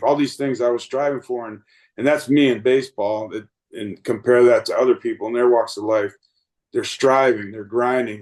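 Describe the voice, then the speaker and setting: A man's voice: medium pitch, darkish tone, rough recording. Earnest fifty-something man telling stories. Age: 50s. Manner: earnest, rambling, lots of fillers and restarts. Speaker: guest, baseball umpire. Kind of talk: reflective storytelling interview.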